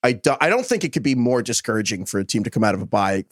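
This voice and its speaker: Animated man on a dry studio mic. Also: medium pitch, no echo. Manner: animated, rambling, quick asides. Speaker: podcast co-host. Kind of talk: casual sports chat.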